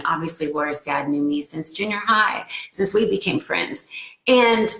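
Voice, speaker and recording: Earnest, emotional woman with a gravelly voice. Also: low voice, roomy sound. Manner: emotional, earnest, gets choked up. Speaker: live streamer. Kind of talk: casual live-stream talk to followers. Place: at home.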